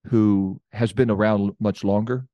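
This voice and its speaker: A man's voice: fairly low pitch, fairly even intonation, moderate pace, dry recording, muffled recording. Male podcast co-host, playful banter, dry recording. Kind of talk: casual chat.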